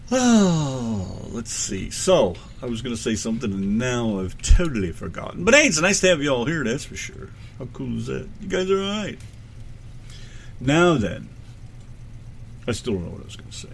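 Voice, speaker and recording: A man's voice: medium pitch, very animated, moderate pace, vocal fry, a little hiss or hum. A man co-hosting a casual radio show with his wife, joking around, teasing and breaking into bits of song. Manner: joking, playful, sings bits.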